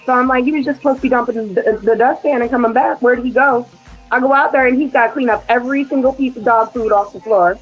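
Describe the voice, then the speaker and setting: Animated woman telling family stories. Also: a little high, fast, husky, dull audio, soft background music. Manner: animated, acts out her son's quotes. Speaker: podcast host. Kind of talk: casual storytelling chat.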